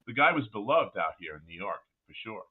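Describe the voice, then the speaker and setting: A middle-aged man, a former college basketball player, telling animated anecdotes as a guest with frequent restarts. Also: lowish voice, brisk, crowd noise. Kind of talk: casual interview storytelling. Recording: tinny phone-like line.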